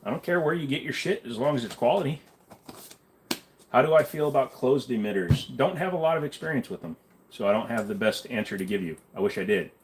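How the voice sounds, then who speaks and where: A man's voice: mid-range voice, expressive, brisk, a little hiss or hum. A man hosting a casual livestream and answering chat in a blunt, offhand way, swearing now and then. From Canada. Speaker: livestream host reading chat.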